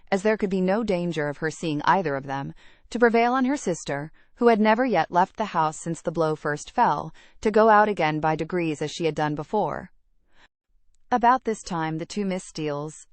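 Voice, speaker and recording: A woman narrating a classic novel aloud in a measured, even reading. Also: fairly low pitch, no echo. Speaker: audiobook narrator. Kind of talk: scripted narration.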